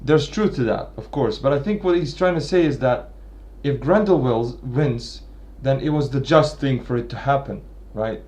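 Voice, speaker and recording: A man thinking aloud through a literary analysis at a medium pitch. He keeps restarting his phrases and checks in with a steady "right?" after each point. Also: normal speed, hardly any pauses. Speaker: literature commentator. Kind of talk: unscripted analytical lecture.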